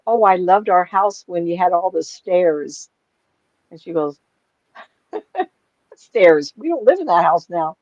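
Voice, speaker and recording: A middle-aged woman who works as a psychic medium speaks at a fairly low pitch, telling stories in a casual chat. She's an animated storyteller who mimics the voices of the people she quotes, captured on a dry, dull, lo-fi recording.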